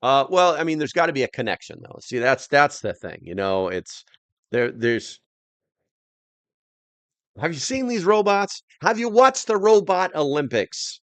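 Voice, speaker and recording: A man's voice: a little high, sing-song, unhurried, fairly bright tone, no room sound. Man rambling on a casual livestream. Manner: rambling, reads viewer comments aloud. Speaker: livestream host.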